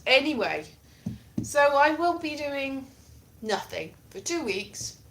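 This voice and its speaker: A woman's voice: fairly high pitch, fairly bright tone, slight background noise. Playful, theatrical woman streamer. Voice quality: playful, theatrical and self-mocking. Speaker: streamer chatting with viewers. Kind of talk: casual live-stream chat.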